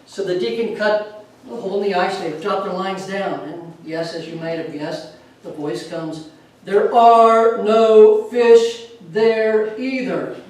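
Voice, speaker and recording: Lively woman telling jokes in an echoey room. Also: fairly low pitch, moderate pace. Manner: lively, chuckles at her own punchlines. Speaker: storyteller. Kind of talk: telling humorous stories. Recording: echoey room from far off, faint noise.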